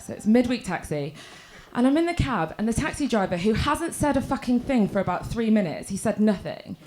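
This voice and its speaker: A woman's voice: on the high side, slight background noise. A young woman performing a stand-up set on a comedy club stage, telling crude, self-mocking stories with lots of "right?" tags.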